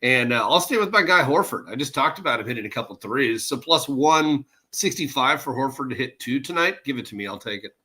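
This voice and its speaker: A man co-hosting a betting show, giving his picks in a relaxed, confident way with some filler words. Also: mid-range voice, fairly quick, hardly any pauses. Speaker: sports betting show co-host. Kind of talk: casual betting picks chat.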